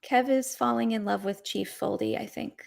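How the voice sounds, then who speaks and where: A woman's voice: on the high side, steady tone, normal speed, creaky, darkish tone. A woman with a New England accent, hosting a casual talk show and gushing enthusiastically over pet photos. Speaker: host. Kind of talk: casual chat on a livestream.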